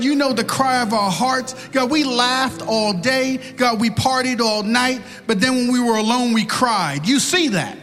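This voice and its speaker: A man's voice: very high voice, a bit bright, big-room sound. A man preaching and leading an altar-call prayer, building into impassioned, repetitive pleading. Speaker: pastor.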